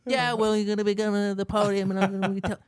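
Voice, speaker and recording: A man's voice: sits high, steady tone, rapid-fire, clear, resonant tone, voice pushed up, lightly acted. A man doing a brash, swaggering Irish fighter. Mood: cocky. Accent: mock Irish, slipping toward Scottish. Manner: swaggering, profane bluster. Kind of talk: comedic impression in a podcast chat.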